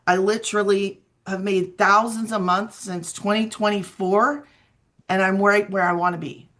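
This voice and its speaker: A woman's voice: medium pitch, steady tone, normal speed, fairly bright tone. A middle-aged woman giving a casual, earnest testimonial as a guest, talking in an emotional storytelling way. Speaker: guest sharing her story.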